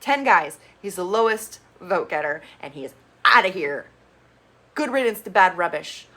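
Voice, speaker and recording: A woman's voice: fairly low pitch, normal speed. A woman giving a casual, gossipy recap of a reality TV show, blunt and opinionated, swearing freely. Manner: chatty, gossipy storytelling with bursts of excitement.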